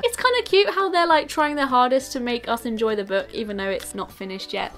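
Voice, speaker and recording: A woman YouTuber reading a children's book aloud with commentary, animated and giggly, gasping at the pictures. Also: a little high, fairly quick, hardly any pauses, faint music behind.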